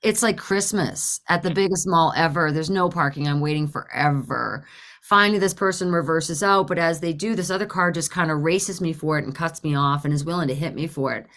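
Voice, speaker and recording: A woman in her forties tells a story in a bright, forceful voice. She is animated, swears freely and acts out each person in the tale. This is a relaxed, conversational podcast chat. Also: low-pitched, a little fast. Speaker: podcast co-host.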